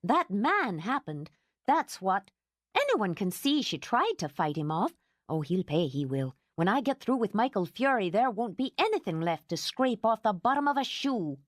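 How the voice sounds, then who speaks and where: A woman voicing a fierce, protective older housekeeper who talks in indignant, excitable outbursts. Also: medium pitch, normal speed, dry recording, studio quality. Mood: vengeful.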